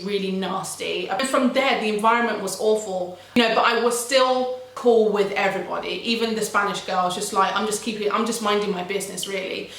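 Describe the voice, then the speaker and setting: A young woman telling a casual story on her vlog, animated and slangy, jumping high in pitch when she acts out what people said. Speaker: vlogger. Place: shared house living room. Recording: echoey room from far off.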